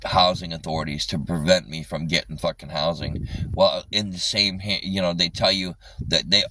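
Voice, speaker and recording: A man's voice: low-pitched, fairly even intonation, normal speed, sharp tone, far from the mic, rough recording. A man ranting angrily on a live stream, swearing constantly and repeating himself. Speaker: livestreamer.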